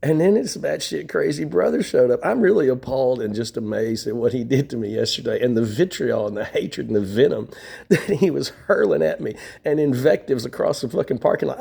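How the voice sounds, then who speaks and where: A man's voice: on the high side, expressive, a little fast, gravelly, warm tone, slightly rough. A middle-aged man talking in a rambling, casual monologue from a shelter floor, venting with profanity and wry laughs. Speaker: vlogger. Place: shelter room, sitting on floor.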